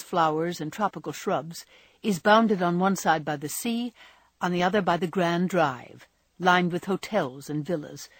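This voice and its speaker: A woman narrating a classic novel in a measured, descriptive reading voice. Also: on the low side, breathy edge, dry recording. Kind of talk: audiobook narration.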